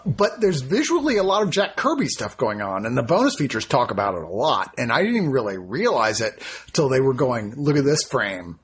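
A man chatting casually about films, enthusiastic and animated. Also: medium pitch, fairly quick, husky. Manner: enthusiastic, animated, quotes people in put-on voices. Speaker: podcast co-host reviewing films. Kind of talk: casual chat.

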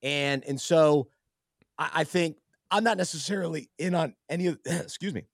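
Pitched on the high side and speaking at normal speed, he's recorded dry at studio quality. As co-host of a casual sports podcast with a faith angle, he talks earnestly and thoughtfully, often backing up to restart a sentence.

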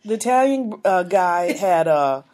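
A woman chatting casually in a group, an animated storyteller who laughs often and acts out voices. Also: lowish voice, measured pace.

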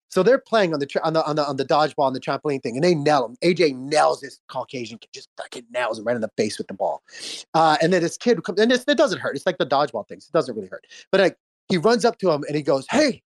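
A man's voice: a little high, no room sound. A man in his thirties hosting a casual chat, telling a rambling story with restarts and laughs, a bit under the weather. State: unwell with a cold. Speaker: host. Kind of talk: casual chat on a live audio space.

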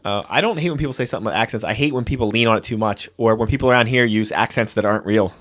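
A man's voice: on the low side, racing, a bit bright. An American man co-hosting a podcast, chatting casually and teasing with jokes and silly voices. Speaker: podcast co-host. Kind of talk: casual chat.

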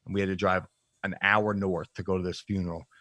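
Deep-voiced man telling a frank story. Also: little pitch movement, a bit bright, no echo. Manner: frank and reflective, halting with fillers. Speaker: podcast guest, nutrition coach. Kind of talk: candid personal storytelling in an interview.

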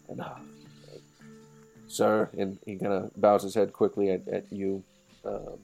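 Gravelly-voiced man running a tabletop game. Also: lowish voice, completely flat delivery, dark tone, soft background music. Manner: halting, laughs often. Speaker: game master.

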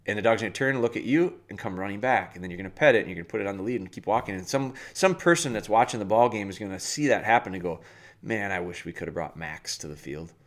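Plainspoken man with a lowish voice. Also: racing, hardly any pauses. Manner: plainspoken, talks the listener through everyday scenarios. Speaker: dog trainer podcast host. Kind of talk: casual advice talk.

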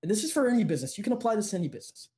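Brief: young business guest from Jersey, warm mellow tone, energetic storyteller. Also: male voice, rapid-fire. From New Jersey. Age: young adult. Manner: energetic storyteller, pitching to listeners. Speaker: interview guest, business owner. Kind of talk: casual interview storytelling.

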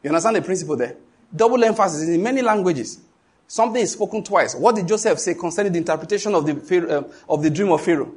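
A man's voice: sits high, lively intonation, fast talker, a little mellow, breathy edge. A middle-aged man with a Nigerian English accent preaching a sermon, emphatic and questioning the congregation so they finish his lines.

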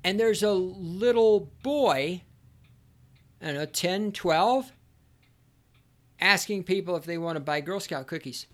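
A man's voice: high-pitched, takes it slowly, pauses often. A middle-aged man hosting a solo podcast, telling stories in a sarcastic, profane rant. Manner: ranting, profane, sarcastic storytelling. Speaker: podcast host.

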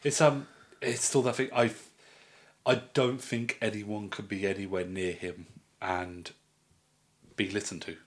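A man's voice: fairly low pitch, steady tone, measured pace, pauses often. Man with dry cutting asides. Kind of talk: casual chat.

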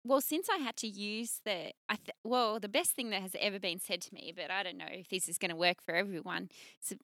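A woman with a bright, forward tone who talks in a lively, rambling way full of fillers. Her voice is close and dry, with no room echo. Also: mid-range voice, a little fast. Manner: rambling, animated, lots of fillers. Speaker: guest. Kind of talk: casual chat.

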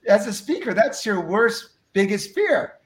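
A man telling a story from his life as an interview guest, acting out the dialogue with lively energy. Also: sits high, measured pace, reverberant. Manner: animated, acts out dialogue. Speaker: guest speaker.

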